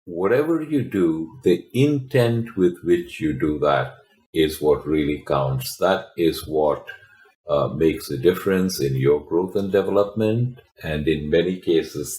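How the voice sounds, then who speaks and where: A man guest, an executive coach, explaining ideas in a measured, emphatic way and giving examples. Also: extremely low pitch, a little mellow, roomy sound. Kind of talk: explanatory interview talk.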